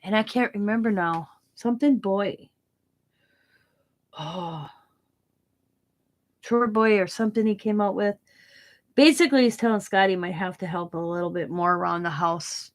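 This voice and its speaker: A woman's voice: medium pitch, moderate pace, long pauses. A woman in her fifties, a crafting channel host, casually telling a story to her viewers, laughing often and acting out what others said. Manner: animated, often laughing, acts out quoted dialogue.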